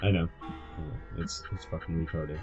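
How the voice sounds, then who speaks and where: A man hosting a game playthrough, calmly explaining the game between jokes. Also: deep voice, normal speed, lo-fi sound. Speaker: let's play host at the controls. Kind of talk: casual game commentary. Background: game music.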